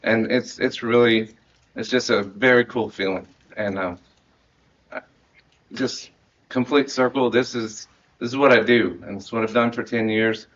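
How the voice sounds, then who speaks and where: A man's voice: medium pitch, fairly even intonation, a little slow, long pauses, fairly bright tone, lo-fi sound. A man in his thirties, a marching band director, giving a heartfelt end-of-season speech to his students, earnest and rambling with laughs and restarts.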